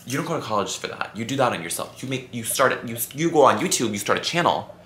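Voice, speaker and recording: A man of about twenty, the channel's host, answering viewer questions in a chatty, campy, expressive way. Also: medium pitch, quick pace, slight background noise. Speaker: YouTuber. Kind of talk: casual Q&A vlog. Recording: echoey room.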